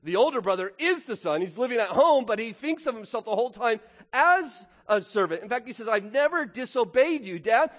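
A man preaching a sermon in a church, animated, swinging from loud to hushed and acting out the lines he quotes. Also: very high voice, fairly quick. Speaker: pastor. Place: church sanctuary. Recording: long hall reverb.

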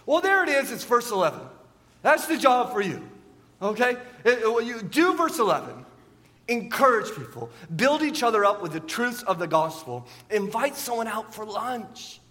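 A man's voice: very high voice, expressive, normal speed, pushed and bright, in a large hall. A man preaching a sermon as pastor, often asking his listeners rhetorical questions and repeating words as he goes.

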